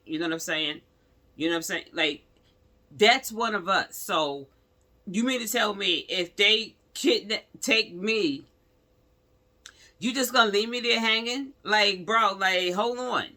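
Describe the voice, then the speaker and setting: Bright, high-voiced man ranting to viewers. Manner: talkative, addresses viewers as y'all, growing heated. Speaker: vlogger. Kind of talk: casual commentary to camera.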